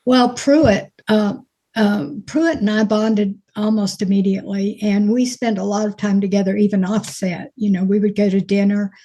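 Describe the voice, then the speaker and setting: Mellow woman with a mild Alabama accent. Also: mid-range voice, steady tone, normal speed. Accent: mild Alabama Southern. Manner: folksy, chatty storyteller who laughs easily. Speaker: actress guest. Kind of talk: casual interview chat.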